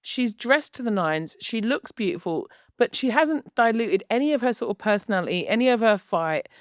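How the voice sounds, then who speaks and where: A woman co-hosting a podcast, chatting in a gushing, animated way. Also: on the high side, normal speed, no room sound, studio quality. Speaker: podcast co-host. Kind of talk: casual chat.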